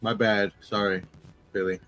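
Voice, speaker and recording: A man's voice: fairly low pitch, flat delivery, a little slow, fairly bright tone, faint music behind. A man in casual group chat, teasing and joking loosely with friends as a panel co-host.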